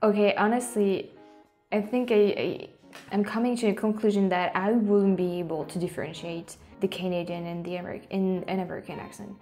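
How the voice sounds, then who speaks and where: A native French speaker hosts a YouTube video, chatting casually in a French accent. Her mid-range voice is mellow and brisk, with fairly even intonation, yet she's hesitant, full of fillers and restarts. Soft music plays in the background.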